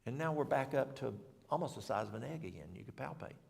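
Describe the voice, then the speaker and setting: Fast-talking and animated, this middle-aged man has a medium-pitched voice that is creaky and darkish. He gives a rambling, folksy health talk at a church, correcting himself repeatedly. Recorded in a church hall with long reverb.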